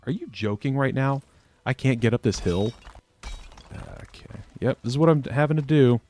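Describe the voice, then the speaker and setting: A man hosting his own gaming channel, giving excitable, jokey live commentary and talking back to the game. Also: mid-range voice, normal speed, slight background noise.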